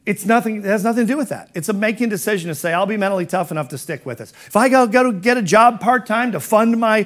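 A man's voice: sits high, fast. A middle-aged man giving a motivational business talk as a coach, firing rhetorical questions in an emphatic, conversational way.

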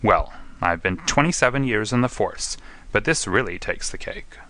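A gruff, jovial veteran inspector, played by a man reading the story, hearty and blunt in every line. His voice sits low with a bright, forceful edge. The recording is dry and close. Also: lively intonation, moderate pace, no room sound.

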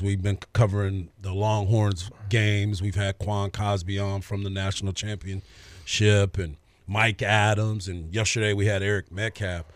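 A man co-hosting a sports radio show in casual chat, laid-back and agreeable, often answering with a quick "right.". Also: fairly low pitch, no room sound.

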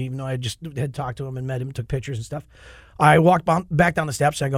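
A middle-aged man hosting a podcast, an animated storyteller who acts out quotes in casual chat. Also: fairly high pitch, quick pace, gravelly, no room sound, clean studio sound. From Minnesota. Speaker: podcast host.

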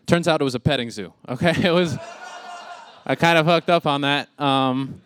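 A man's voice: fairly high pitch, normal speed, fairly bright tone, a little hiss or hum. A man in his thirties doing a rambling stand-up set, laughing at his own jokes. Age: 30s. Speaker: stand-up comic.

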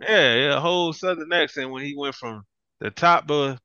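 A man co-hosting a sports podcast in casual chat, animated and ranting, often breaking into laughs. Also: a little high, moderate pace, crowd noise. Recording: dull lo-fi dry sound.

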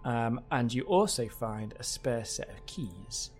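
Guy running a tabletop game, rambly, lots of ums, mid pitch, faint music behind. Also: expressive, slow. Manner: rambling, lots of fillers and restarts. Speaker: game master.

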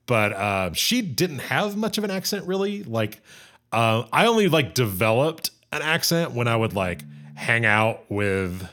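A man's voice: medium pitch, sing-song, measured pace, a bit bright. A man with a Southern US accent, talking casually and rambling with lots of fillers while planning a song. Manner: rambling, filler-heavy, self-deprecating. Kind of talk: casual chat.

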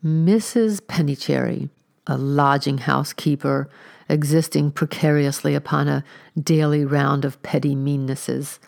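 A woman reading a period story aloud as narrator, at a measured, steady pace. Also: deep voice, creaky. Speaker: audiobook reader.

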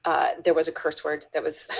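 A woman educator, a guest in a conversational interview, telling a story with frequent restarts and dropping into soft whispers when she quotes someone. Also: sits low, vocal fry, poor audio.

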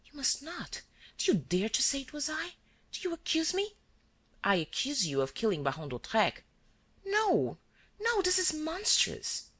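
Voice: high voice, huge pitch swings, measured pace, fairly bright tone, pitched above the performer's own voice, heavily acted. A reader voicing a young French woman who is cornered and frightened, answering in pleading, breathless denials. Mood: alarmed.

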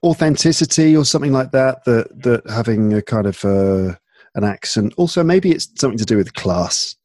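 A man's voice: mid-range voice, expressive, moderate pace, darkish tone, no echo. A man in casual, musing conversation, chatty and full of fillers as he thinks aloud. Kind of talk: casual chat.

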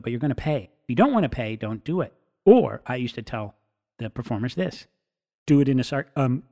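Man, mid pitch, casual rambling monologue, animated asides. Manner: animated, acts out quotes; rambling with restarts.

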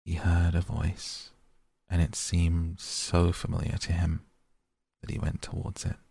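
A man reads old fairy tales aloud at a steady, measured pace. His voice is very deep and husky, with a gravelly fry, recorded close and dry. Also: dry recording. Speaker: narrator. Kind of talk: fairy tale audiobook reading.

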